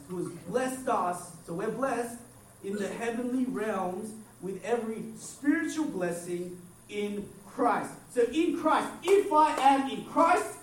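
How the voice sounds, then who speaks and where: A man preaching a sermon, animated, acting out quotes and swinging from loud to hushed. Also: sits high. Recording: echoey room, mic at a distance, faint background noise.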